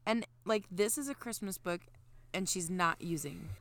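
A playful young woman co-hosting a book podcast in relaxed chat, with a somewhat low voice. Her voice is recorded close and dry, with no room sound, and she teases and retells stories with easy laughter. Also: no echo. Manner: playful, teasing, quick to laugh. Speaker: podcast co-host. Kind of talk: casual book-club chat.

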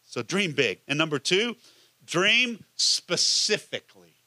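A man's voice: sits high, sing-song, slow, sharp tone, dry recording. A man, a pastor, preaching a conversational sermon and asking the listeners many questions.

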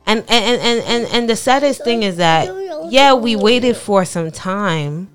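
A young woman co-hosting a podcast, telling a personal story in a halting, soft-spoken way, with many pauses and fillers, raw with emotion. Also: mid-range voice, expressive, music in the background. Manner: tender, emotionally raw recounting. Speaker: podcast co-host.

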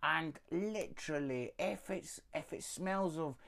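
A man, a guest evangelist chatting casually on a podcast and teasing his host with lively banter. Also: a little high, slow pace, vocal fry. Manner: teasing, animated banter with big swings. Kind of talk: casual chat.

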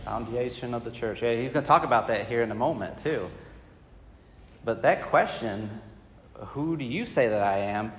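A man's voice: medium pitch, animated, moderate pace, slight background noise. A man teaching a Bible study class, talking conversationally with many fillers and putting questions to the group. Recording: reverberant hall.

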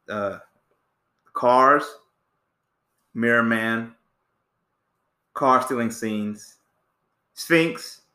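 A man's voice: mid-range voice, pushed and bright, reverberant. A man hosting a podcast, chatting casually about a movie and acting out scenes with quoted voices. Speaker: podcast host.

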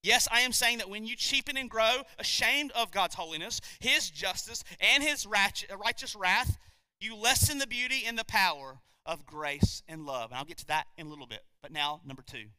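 Man pastor, sermon, high voice, very bright tone, emphatic, rhetorical questions. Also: moderate pace, smooth, dry recording.

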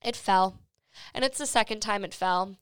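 A woman's voice: mid-range voice, moderate pace, smooth, dry recording. A young woman hosting a podcast, chatting casually with giggles and swearing. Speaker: podcast host. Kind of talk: casual chat. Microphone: studio microphone.

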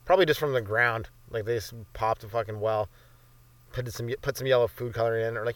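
A man's voice: mid-range voice, fast talker, a bit bright, dry recording. Rambling, profane young man on a dry mic. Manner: loose, profane, rambling with lots of fillers. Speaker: comedy podcast host. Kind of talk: rambling stand-up style monologue.

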